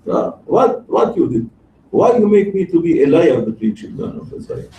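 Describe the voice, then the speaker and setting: A man's voice: high-pitched, unhurried, creaky, mellow. A man voicing an angry prophet in a sermon story, scolding with a raised, heated voice. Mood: complaining. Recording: roomy, distant mic, faint background noise.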